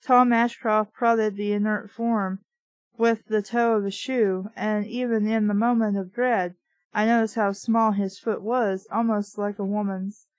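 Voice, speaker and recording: Woman reading an old novel out loud, snarky side comments, dead dry sound. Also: mid-range voice, steady tone, unhurried, no room sound, highs cut off. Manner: dry, sarcastic interjections. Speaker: book reviewer reading aloud. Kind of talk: comic reading of a novel with sarcastic asides.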